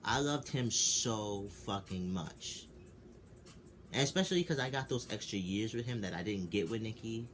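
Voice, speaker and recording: Low-voiced young man, candid rambling vlog. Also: animated, moderate pace, a bit bright. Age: 20s. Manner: candid, heavy swearing, rambling with restarts. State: just woke up. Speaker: vlogger. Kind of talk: casual storytelling vlog. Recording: noisy background ambience.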